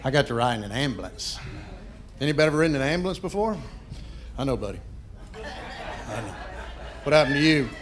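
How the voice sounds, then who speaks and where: Playful stand-up comic working the crowd. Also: male voice, medium pitch, big pitch swings, a little fast, pauses often. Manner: chatty, playful, quizzes the audience. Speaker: stand-up comedian. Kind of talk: stand-up comedy with crowd work.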